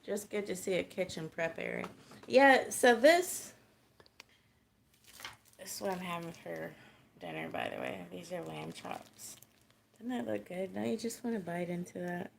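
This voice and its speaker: Chatting casually on a livestream from her small home, a Texan-accented woman speaks in a fairly low, animated voice with vocal fry, taking her time and pausing often. She's relaxed and talkative, laughing a lot and greeting viewers, with a little hiss or hum in the audio.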